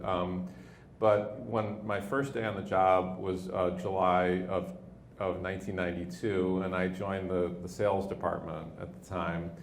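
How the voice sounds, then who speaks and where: A man in his fifties, a company leader telling anecdotes in an interview, with a relaxed manner and frequent restarts. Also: deep voice. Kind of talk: storytelling in an on-stage interview. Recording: echoey room with faint noise.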